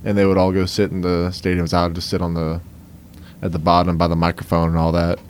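A man's voice: deep voice, completely flat delivery, quick pace, slight background noise. A young man with a Cajun accent from South Louisiana, answering interview questions in an easygoing way with many fillers. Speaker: guest. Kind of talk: conversational interview.

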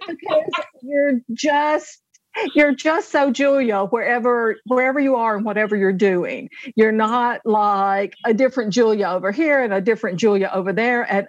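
A woman's voice: on the high side, unhurried, dry recording, highs cut off. A woman guest on a podcast, gushing with praise in casual conversation.

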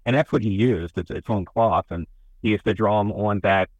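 On a radio interview in a studio, a museum representative with a fairly low voice talks through his local museum's collection at a moderate pace, rambling in a folksy way and often restarting sentences. A studio microphone captures him close and dry, with no room sound, and the audio is dull.

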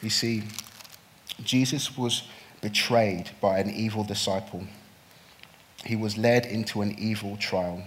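A man preaching a sermon, swinging from hushed, slow lines to loud, pleading outbursts. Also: fairly low pitch, fairly even intonation, a little hiss or hum. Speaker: pastor.

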